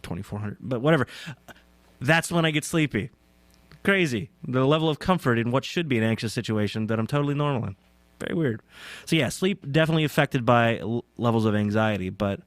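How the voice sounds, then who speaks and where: A young man talks alone in a casual, rambling way, pausing often with "uh" and poking fun at himself. His voice sits at an ordinary pitch for a man. The sound is close and dry, with almost no room echo. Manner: rambling, self-deprecating, many fillers. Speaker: podcast host. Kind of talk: casual solo talk. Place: indoors, on a couch.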